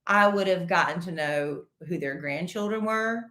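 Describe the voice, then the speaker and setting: A middle-aged woman, co-hosting a podcast in casual chat, animated and teasing as she tells stories. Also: lowish voice, moderate pace. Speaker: podcast co-host. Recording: roomy echo.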